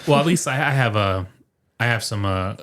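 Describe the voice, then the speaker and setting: Chatty low-voiced man co-hosting. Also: lively intonation, moderate pace, fairly bright tone. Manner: chatty storyteller, acts out quotes. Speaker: podcast co-host. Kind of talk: casual chat. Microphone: studio microphone.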